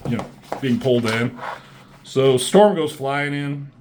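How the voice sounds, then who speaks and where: A man's voice: medium pitch, a little slow, a little mellow, slight background noise. Rambling, foul-mouthed man reviewing comics. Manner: rambling, profane, many fillers and restarts. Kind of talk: casual commentary on comic pages.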